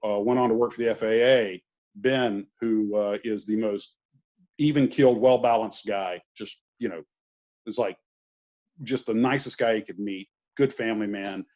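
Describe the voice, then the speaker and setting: A man's voice: fairly low pitch, normal speed, a little mellow. Folksy man on a lo-fi call. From southern US. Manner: rambling storyteller, folksy asides. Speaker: guest. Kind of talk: casual conversation.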